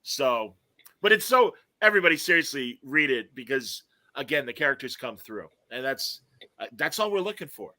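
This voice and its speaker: A man hosting a podcast in casual chat, animated and laughing as he acts out quoted lines and reads comments aloud. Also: medium pitch, moderate pace, dry recording. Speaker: podcast host.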